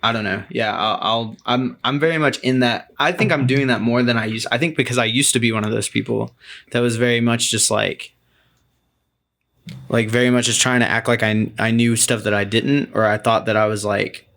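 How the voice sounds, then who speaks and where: Man, gravelly voice, mid pitch, casual podcast talk, rambling, laid-back. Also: steady tone, normal speed, fairly bright tone. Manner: laid-back, rambling, many fillers and restarts.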